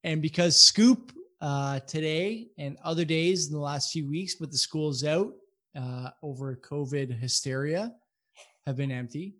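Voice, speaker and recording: A man casually telling a rambling, profane story to friends on a podcast, animated and full of asides. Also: fairly high pitch, unhurried.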